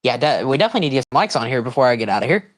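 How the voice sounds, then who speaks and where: Rambling, excitable man streaming commentary. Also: mid-range voice, rapid-fire. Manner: rambling, with sudden excited outbursts and confused reactions. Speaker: livestream host. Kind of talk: casual live commentary on a wrestling broadcast.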